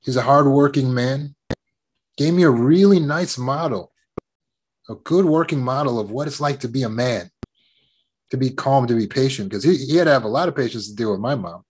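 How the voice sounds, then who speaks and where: A man of middle pitch speaks as a trauma recovery coach, moving from a personal childhood story into self-help advice. He talks in a warm storytelling way, often repeating words and breaking into laughs. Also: moderate pace, slightly rough.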